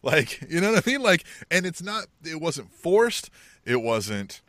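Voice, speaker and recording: A man co-hosting a casual wrestling podcast, telling animated, joking stories. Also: a little high, a little slow, no echo. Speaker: podcast co-host.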